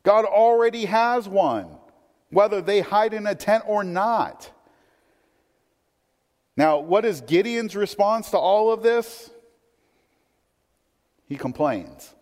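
A man preaching a sermon with a slightly higher voice, his teaching conversational. He lifts and strengthens his voice for scripture readings and drops low for quick asides. A long reverb trails behind him in the hall. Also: expressive, a little mellow. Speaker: pastor.

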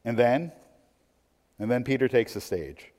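A man delivering a sermon in a large church hall, his voice trailing off into long reverb. He shifts between soft, reflective asides and loud, emphatic stretches. He keeps asking the congregation rhetorical questions. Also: medium pitch, measured pace. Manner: swings from quiet musing to loud, emphatic preaching. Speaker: pastor.

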